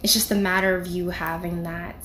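A woman's voice: on the low side, level tone, brisk, fairly bright tone, a little hiss or hum. A young woman giving a casual devotional talk, conversational and full of "you know" and "like". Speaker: devotional video speaker.

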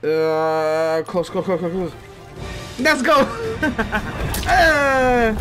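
A man doing gameplay commentary for a let's play, excitable, yelping and laughing, swearing freely. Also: very high-pitched, drawn-out words. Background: game music and fight sounds.

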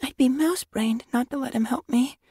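A man voicing a proud, stubborn young female apprentice cat in a storybook reading, speaking in a high, strained, insistent way. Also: brisk, mellow, slightly rough, no echo, studio quality, exaggerated voice. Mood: indignant.

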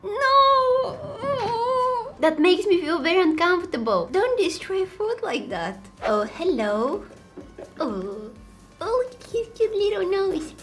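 A woman's voice: extremely high pitch, big pitch swings, measured pace, soft background music. A woman hosting a casual reaction video, exclaiming and laughing as she comments on clips.

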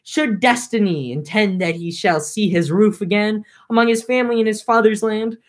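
A woman's voice: moderate pace, close to an everyday voice. Woman reading as a blinded one-eyed giant. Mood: cursing. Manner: read aloud with plain lively pitch. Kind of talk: amateur read-aloud.

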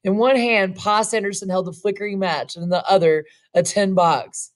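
A woman's voice: medium pitch, fairly even intonation, moderate pace. A woman narrating a western short story aloud, breaking off for casual asides. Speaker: reader and narrator.

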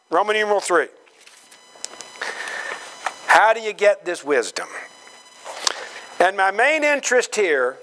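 A man preaching a sermon, slow and emphatic, acting out quoted voices with dramatic swings in pitch. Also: fairly bright tone, rough recording. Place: church gathering hall.

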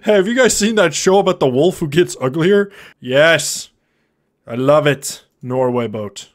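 A man's voice: a little high, lively intonation, unhurried. A man in his thirties giving goofy, joking commentary on a live stream while playing a drawing game. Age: 30s. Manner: goofy, jokey, with sudden loud silly outbursts.

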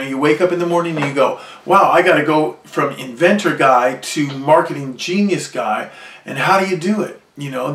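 A man's voice: fairly high pitch, a bit bright. A man delivering a proud, boastful self-promotional vlog monologue about his invention. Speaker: inventor and vlogger. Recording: echoey room, distant from mic.

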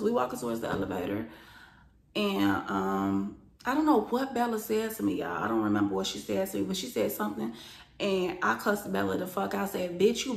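A young woman telling a profane storytime vlog, acting out the quoted lines loudly and with lots of emotion. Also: medium pitch, creaky, echoey room. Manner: animated, profane, acts out quoted lines with rising loudness.

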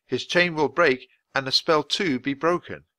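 A man's voice: fairly high pitch, measured pace, sharp tone, no room sound, voice pushed up. A man as a cautious young boy. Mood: reading aloud. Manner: cautious, level-headed.

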